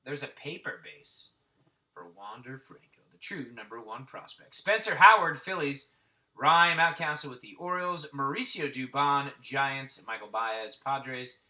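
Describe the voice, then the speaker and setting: A man's voice: mid-range voice, unhurried, bright, forceful tone. A man around forty hosting a card break, casually naming baseball cards and telling rambling, profane stories. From Central Florida. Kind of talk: casual card-opening chat.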